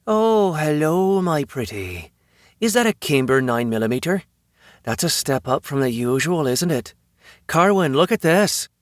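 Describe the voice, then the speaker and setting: A man's voice: mid-range voice, expressive, normal speed, a bit bright, dry recording, clean studio sound, pitched above the performer's own voice, lightly acted. A man voicing a playful, fierce Irish vampire woman in an audiobook, with a wry, teasing manner. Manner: wry, flirtatious banter.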